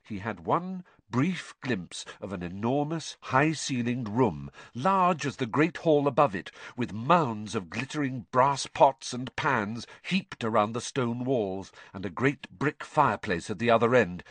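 A man narrating an audiobook in an expressive, measured way. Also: medium pitch, no room sound.

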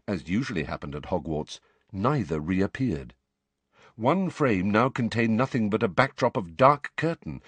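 Male audiobook narrator, low and animated, close dry recording. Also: no room sound. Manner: expressive, varied delivery. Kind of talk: scripted narration.

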